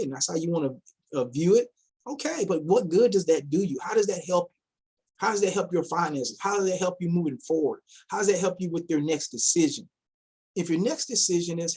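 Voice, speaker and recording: A man's voice: high voice, lively intonation, moderate pace, darkish tone, breathy edge. A man giving casual commentary as an investment vlogger, firing off rhetorical questions, repeating himself and mocking imagined investors in quoted voices.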